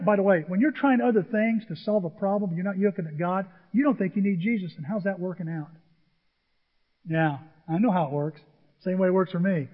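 Man, pastor, sermon, high voice, muffled sound, animated quoting. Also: slightly rough. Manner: animated preaching with acted-out quotes. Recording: dull sound in a large reverberant hall.

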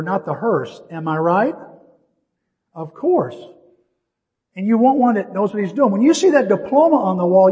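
High-voiced storytelling pastor, echoey hall. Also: male voice, highs cut off. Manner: animated storytelling, jokey asides. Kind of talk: sermon with personal story.

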